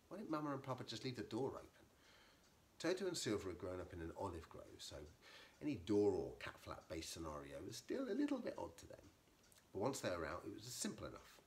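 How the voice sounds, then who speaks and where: A man with a low voice reads a children's storybook aloud, lively and expressive. His pitch rises and falls widely as he narrates. A faint hiss of the room sits behind him. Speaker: narrator, author. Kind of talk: storybook reading.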